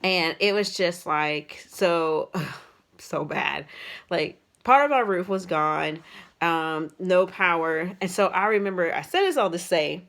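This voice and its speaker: A woman's voice: fairly low pitch, animated, slow pace, fairly bright tone. A young adult woman casually telling a personal story on her vlog, rambling with lots of fillers and restarts. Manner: rambling, many fillers and restarts, emotional retelling. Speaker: vlogger.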